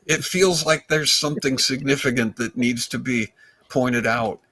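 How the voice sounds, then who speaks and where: A man, a comedian guest, telling stories in a rambling, animated way with frequent restarts. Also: medium pitch, a little slow. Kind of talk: casual storytelling chat.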